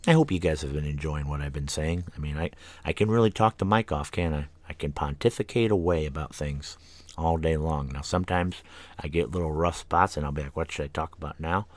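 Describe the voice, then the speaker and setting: A very deep-voiced man hosts an internet radio talk show, drifting from tangent to tangent, full of ums and tired yawns. The recording is close and dry, with no room sound at all. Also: fairly quick, no echo. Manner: rambling, tangent-prone, with many fillers and yawns. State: tired, yawning. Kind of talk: casual rambling monologue. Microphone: studio microphone.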